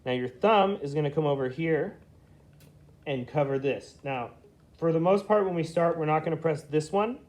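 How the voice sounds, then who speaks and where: A man's voice: a little high, a little mellow. A man teaching a beginner flute lesson, explaining hand positions step by step and checking in often with "okay?". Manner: patient, explains slowly, checks in with frequent "okay?".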